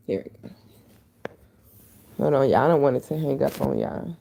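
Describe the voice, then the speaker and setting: A woman with a deep voice and a dry throat, talking bluntly and heatedly in a casual livestream chat on her phone. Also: normal speed, gravelly, pauses often, warm tone, lo-fi sound. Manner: blunt, profane, heated storytelling. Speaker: livestream host.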